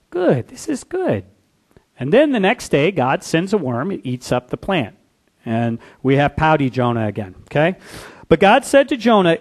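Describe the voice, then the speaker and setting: Man, pastor, sermon, high voice, very lively pitch, talks to the congregation. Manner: animated, acts out biblical characters in quick asides; conversational, asks the congregation questions.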